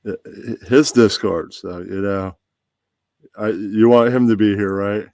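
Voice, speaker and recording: A man with a very deep voice hosting a casual pre-stream chat, rambling and relaxed while he sets up. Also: measured pace, no room sound. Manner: relaxed, rambling, talks to himself while setting up. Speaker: podcast host.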